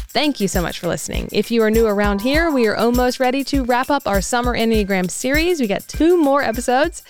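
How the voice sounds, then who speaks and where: A woman hosting a podcast, reading an upbeat outro and thanking listeners. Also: medium pitch. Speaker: podcast host.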